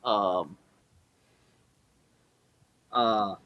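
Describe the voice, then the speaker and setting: A man's voice: on the low side, very slow, lo-fi sound. A man narrating as game master of a tabletop game, loose and full of fillers.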